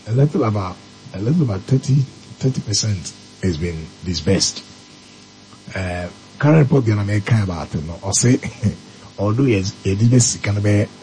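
A man's voice: lowish voice, dark tone, rough recording. A man with a Ghanaian accent, explaining step by step as a talk-radio commentator and mixing English terms into his speech. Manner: mixes local language with English, explaining step by step.

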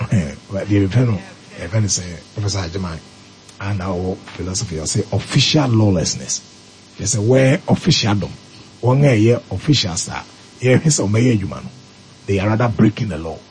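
A man with a Ghanaian accent talks through a subject on radio, his pitch rising and falling in a lively way. He explains patiently, slipping English words into his sentences. A faint hiss sits behind the voice. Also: low-quality recording. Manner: mixes local language with English, explaining step by step. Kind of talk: explanatory talk-radio commentary.

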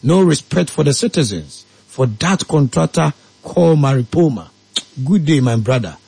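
Radio guy, husky high voice, lively chat and ad reads. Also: moderate pace, dry recording. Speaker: radio host. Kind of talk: radio talk with live ad reads.

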